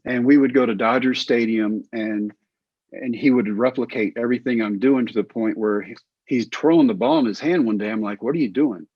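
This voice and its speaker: A man with a husky, slightly breathy voice tells a long personal story in an interview, acting out each quoted line as he goes. The recording is dry and a little dull. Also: medium pitch, normal speed, no echo. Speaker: guest, former pitcher and coach.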